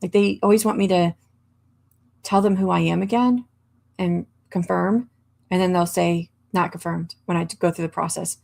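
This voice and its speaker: A woman hosts a writing livestream, talking casually and reading out viewers' comments. Her voice sits a little low and has a gravelly fry. She rambles with lots of fillers and small laughs. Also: steady tone, normal speed, a little mellow. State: hiccups. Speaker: livestream host.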